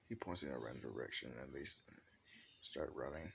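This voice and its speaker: A man's voice: very deep voice, lively intonation, brisk, creaky, a bit bright, slight background noise. A man telling an improvised fan-fiction story in a rambling way, with many restarts.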